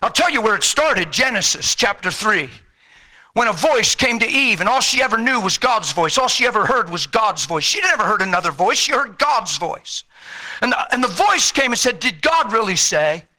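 A male preacher delivering a fervent, exhorting sermon, rising to shouts and then falling low and intense. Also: sing-song, normal speed.

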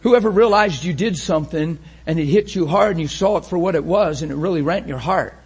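A man preaches a sermon with intense passion, frequently rising to a shout and acting out how his listeners would respond. His voice is a little high and husky, and he speaks fairly quickly.

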